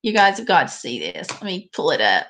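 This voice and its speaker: A woman's voice: on the low side, wildly swooping pitch, fairly quick, a bit bright, slight background noise. A woman hosting a live stream, chatting casually and directly with her viewers.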